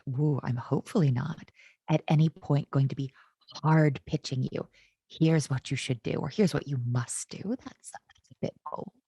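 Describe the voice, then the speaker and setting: A woman's voice: sits low, creaky, dark tone, breathy edge, no room sound. A woman from the United States giving a conference keynote, full of wry, self-mocking humor.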